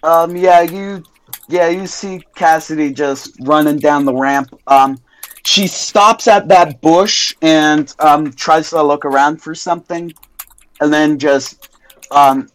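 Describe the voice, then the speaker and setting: Young male game master, slightly higher pitch, halting narration full of fillers. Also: poor audio. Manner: halting, many ums and self-corrections.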